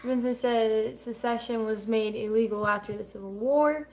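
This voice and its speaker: A woman co-hosting a casual livestream, reading chat comments aloud quickly and laughing often. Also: a little high, steady tone, a little hiss or hum.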